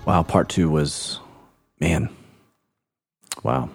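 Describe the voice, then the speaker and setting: A man's voice: very deep voice, fairly even intonation, very slow, music in the background. A man hosting a faith podcast as a pastor, talking in an earnest, reflective and emphatic way. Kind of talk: casual faith interview chat.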